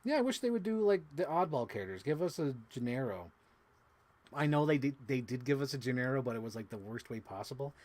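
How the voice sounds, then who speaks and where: A man's voice: fast talker, no room sound. Gushing rambling man unboxing toys. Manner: rambling, lots of fillers, casual swearing; bursts into high-pitched gushing excitement. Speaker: toy collector vlogger. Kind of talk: casual unboxing chat.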